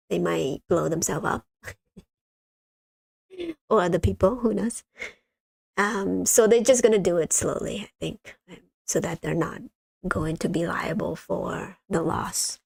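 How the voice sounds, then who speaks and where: A woman's voice: lowish voice, gravelly, dry recording. A woman hosting a casual livestream, rambling with many fillers and talking straight to her viewers. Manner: rambling, many ums, addresses viewers as you guys. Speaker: livestream host.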